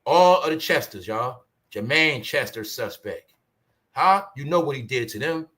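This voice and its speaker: Guy with ranting on his livestream, sharp bright voice, loud one sec and muttering the next, keeps asking y'all questions. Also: unhurried. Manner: animated, swinging between loud outbursts and low mutters; rhetorical questions to the audience, repeats "y'all" and "huh". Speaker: commentary channel host. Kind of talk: casual livestream commentary.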